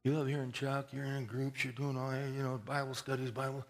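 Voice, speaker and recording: A man with a gravelly, mid-pitched voice preaches a sermon to a congregation. His delivery is folksy and conversational, and it swells into emphatic peaks before sinking to a hushed, prayerful hush. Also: monotone, a little fast. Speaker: pastor.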